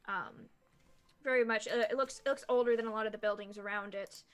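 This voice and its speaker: A woman narrating as game master of a tabletop game, pausing often with fillers as she describes the scene. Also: mid-range voice, fairly even intonation, clear, resonant tone. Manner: halting, many fillers while describing scenes.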